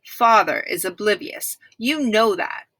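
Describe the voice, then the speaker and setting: A woman's voice: mid-range voice, lively intonation, unhurried, sharp tone, dry recording. A woman reading aloud, voicing a bossy eldest boy who is curt and dismissive. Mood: scornful.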